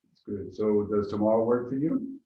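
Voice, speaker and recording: Man, agent trainee on a practice call. Lowish, polite, halting; distant echoey audio. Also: phone-quality sound, a little hiss or hum. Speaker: real estate agent trainee.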